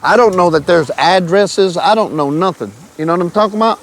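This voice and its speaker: A man's voice: high voice, brisk. A man, telling his testimony in a casual, emotional way and often calling the listener "man". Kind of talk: casual storytelling.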